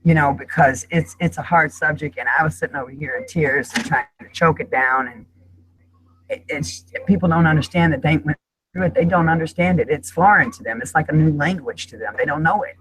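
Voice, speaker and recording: A woman's voice: low-pitched, brisk, a bit bright, poor audio. A middle-aged woman speaking as a guest in an emotional panel discussion, talking in an impassioned, emphatic way.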